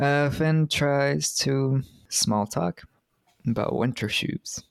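Gravelly laid-back guy recapping a movie. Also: mid-range voice, slow pace, no echo. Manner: laid-back, profane, joking, recaps scenes in mock quotes. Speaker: podcast co-host. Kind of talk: casual movie recap chat.

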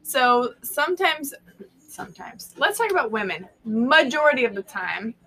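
A woman hosts a casual live-stream chat, bubbly and quick to laugh. Her voice sits high and sounds bright and lively. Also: a little hiss or hum, rough recording. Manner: bubbly, chatty, laughs often. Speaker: host.

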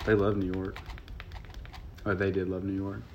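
A man's voice: sits low, flat delivery, moderate pace, a little hiss or hum. A young man co-hosting a podcast in easygoing, rambling casual chat. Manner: easygoing, rambling, laughs along. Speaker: podcast co-host. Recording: dull lo-fi sound.

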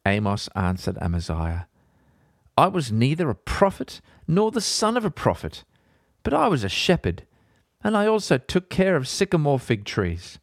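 A man hosting a podcast, chatting briefly in an expressive, unhurried way and then reading scripture aloud. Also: medium pitch, dry recording, clean studio sound. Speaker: podcast host reading the Bible.

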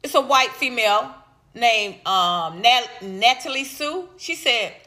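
High bright-voiced animated woman. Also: reverberant. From Atlanta, US. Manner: animated and playful, drawn-out teasing repeats. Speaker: stand-up comedian. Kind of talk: casual vlog reading viewer comments.

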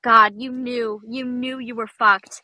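A woman's voice: fairly high pitch, level tone, takes it slowly, pushed and bright, dry recording. A young woman chatting casually while packing in her apartment, telling dramatic, sarcastic stories. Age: young adult. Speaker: vlogger. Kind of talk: casual chat.

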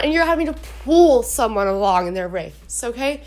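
A young woman casually talking to her viewers at home about faith and dating, chatty and animated. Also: sits high, moderate pace, few pauses. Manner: chatty, animated, talks to her dog between points. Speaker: Christian advice vlogger. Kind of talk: casual faith talk to camera. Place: at home indoors.

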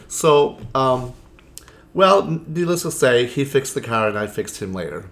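With a gravelly, mid-range voice and a measured pace, a drag performer shares stories in an informal interview. His delivery is chatty and theatrical, heavy on "you know" fillers, and he acts out the lines of the people involved.

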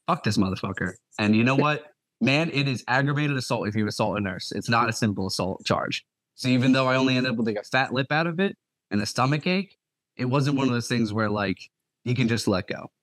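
A young man telling a story with lots of swearing and lively energy. His voice sits in a mid pitch and sounds dry and close to the mic, with no room around it. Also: no echo. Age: young adult. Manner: profane, animated storytelling. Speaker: podcast co-host and nurse. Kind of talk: casual storytelling.

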